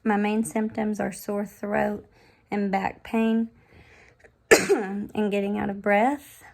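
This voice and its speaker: A woman talks in a casual, candid vlog, chatty and full of little fillers. She is short of breath and her voice sits at an ordinary middle pitch. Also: fairly even intonation, takes it slowly, gravelly. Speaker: vlogger. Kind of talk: casual health vlog to camera.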